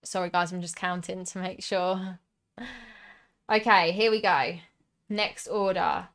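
Young southern english woman streaming, bright clear voice, slow and chatty, reading out cards and chat. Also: on the low side, flat delivery. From southern England. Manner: chatty, reads out cards and viewer comments. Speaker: streamer opening card packs.

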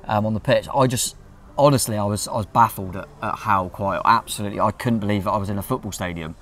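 A man's voice: fairly low pitch, a bit bright, a little hiss or hum. A man co-hosting a fan channel, chatting enthusiastically and restarting his sentences often. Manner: rapid, restarts a lot, enthusiastic. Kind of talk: casual chat review.

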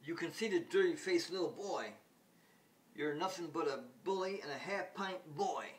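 A man voicing a defiant young girl, scolding loudly in a higher voice. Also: normal speed, reverberant, recorded from a distance, close to an everyday voice.

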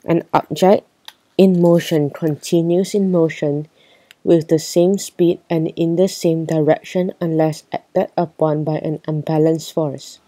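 A woman's voice: low-pitched, steady tone, measured pace, warm tone, no room sound. Woman reading as a lecturing snowman teacher. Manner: lecturing, counting down. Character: know-it-all male snowman teacher.

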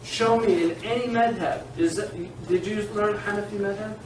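High-voiced man teaching in an echoey room. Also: moderate pace. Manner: animated, digressive, laughs often. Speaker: teacher of Islamic law. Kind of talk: informal classroom lecture. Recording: echoey room, distant mic, faint hiss.

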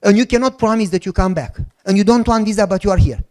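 Animated preacher man with a high voice. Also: fast. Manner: animated storyteller, acts out dialogue; drops to a soft low voice at moments. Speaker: pastor. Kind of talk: sermon testimony.

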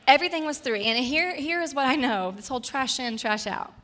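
A woman's voice: sits high, animated, fairly quick, fairly bright tone. A woman in her thirties preaching a personal, story-filled sermon. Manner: personal, storytelling, gets emotional and tearful at times. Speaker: guest speaker.

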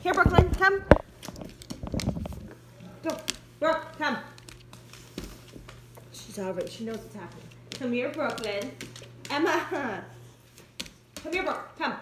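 A woman with a high voice that swoops up and down talks to her dogs at home, coaxing, scolding and praising them in turn. She speaks slowly, and the recording is noisy, with dog sounds and clicks behind her. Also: sing-song, fairly bright tone. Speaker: dog owner vlogger. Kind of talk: casual home video.

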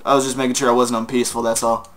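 A man's voice: medium pitch, flat delivery, rapid-fire, fairly bright tone. Playful young man narrating his gameplay. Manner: playful, talks to game creatures, sudden outbursts. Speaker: gaming YouTuber. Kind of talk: casual gameplay commentary.

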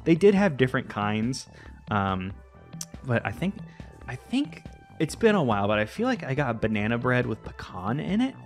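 Man, let's-play host, rambling casual commentary, animated delivery. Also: mid-range voice, moderate pace, soft background music. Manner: rambling, chatty, swears casually.

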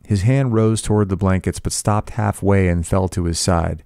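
A man reading a classic novel aloud in a measured, even narration. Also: sits low, vocal fry, clean tone, no echo, clean studio sound. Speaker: audiobook reader.

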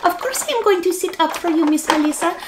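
A woman voicing a polite, cheerful girl doll in a high sing-song voice. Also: animated, fast, noisy background. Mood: sweet.

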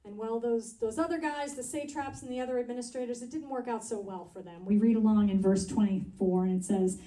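A woman pastor preaches in a church sanctuary, reading and unpacking scripture in an earnest, conversational manner. Her fairly high voice is warm and brisk, with fairly even intonation, and the sound is roomy and distant.

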